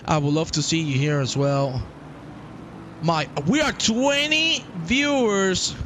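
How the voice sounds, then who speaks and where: A man's voice: fairly high pitch, measured pace, a little hiss or hum. A young man hosting a live sim racing stream, commentating playfully and chatting with his viewers. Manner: playful and excitable, chats with viewers.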